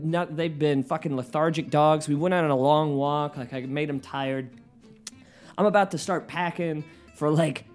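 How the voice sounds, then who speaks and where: A man hosting his own podcast from his living room, rambling and swearing, often flaring into yelling. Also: high voice. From United States. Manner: profane, rambling, flares into yelling. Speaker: podcast host and stand-up comedian. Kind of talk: solo podcast rant.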